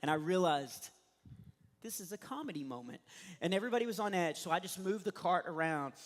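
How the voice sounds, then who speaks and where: A man from Texas with a Texan accent, doing stand-up comedy, telling stories in an animated way and laughing at his own jokes. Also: sits high, a little fast. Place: church stage. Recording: long hall reverb.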